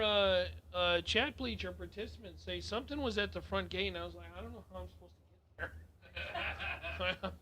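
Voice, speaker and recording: A chatty male track announcer with a high, ringing voice. He jokes and wanders off topic between runs, calling the racing in a loose, playful way. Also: pushed and bright. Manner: chatty, joking, easily distracted. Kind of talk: casual race-day commentary.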